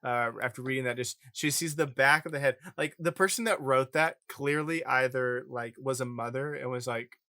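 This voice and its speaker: A man's voice: medium pitch, normal speed, hardly any pauses, sharp tone, dry recording. Male podcast co-host, mid-range voice, dry booth sound, rambling joker. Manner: jokey, rambling. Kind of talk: casual chat.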